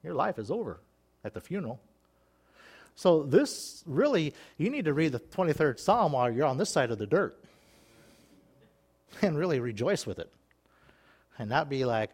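Male pastor, folksy joking preacher, bright high voice swinging all over. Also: big pitch swings, normal speed, pauses often, husky. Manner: folksy and joking, laughs at his own asides; reads scripture aloud between comments. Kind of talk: sermon.

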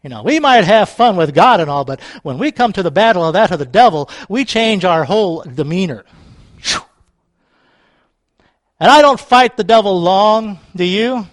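High-voiced man preaching fervently. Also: expressive, moderate pace, dry recording, studio quality. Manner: fervent, repetitive preaching with calls of "Amen?". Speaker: pastor. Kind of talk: sermon.

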